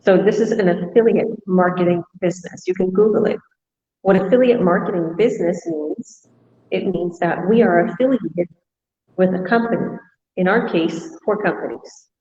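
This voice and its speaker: Low-voiced woman host, echoey and muffled. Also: normal speed, dark tone. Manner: casual, explanatory. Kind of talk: webinar hosting. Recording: echoey, dull, lo-fi sound.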